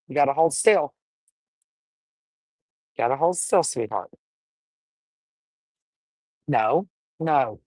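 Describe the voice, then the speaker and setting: A woman's voice: very deep voice, darkish tone, no echo. A woman breeding dogs, casually livestreaming while she firmly coaxes a wriggling puppy, talking in a folksy way. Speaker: dog breeder.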